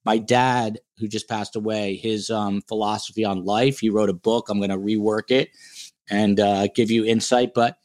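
A man's voice: on the low side, fairly even intonation, normal speed, a little mellow. A man hosting a podcast livestream in a casual, joking, playfully boastful way, with a New Jersey accent. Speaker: podcast host.

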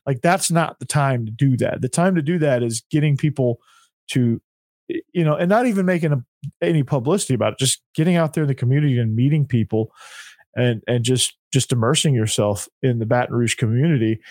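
A man's voice: mid-range voice, fairly quick, a little mellow, no echo. A young man co-hosting a podcast, arguing earnestly in casual sports chat and stumbling over his starts. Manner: earnest, repeats words when starting. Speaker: podcast co-host.

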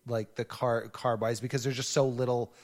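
A man's voice: medium pitch, flat delivery, normal speed, long reverb tail. A man co-hosting a casual podcast chat, joking and self-mocking as he talks. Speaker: podcast co-host. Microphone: studio microphone, close.

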